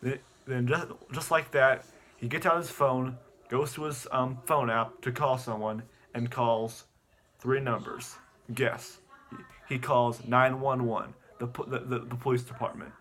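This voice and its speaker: A young man retells a story with lots of stammers and repeated words, mid-pitched and chatty. He jumps between narrating and acting out bits. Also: fairly even intonation, unhurried, a bit bright. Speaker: online video host. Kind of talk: animated plot recap.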